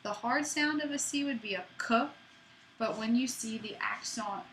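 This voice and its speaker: A woman's voice: fairly high pitch, normal speed, a bit bright, slight background noise, low-quality recording. A woman teaching a French lesson to students in a chatty way, with playful asides. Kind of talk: classroom lesson.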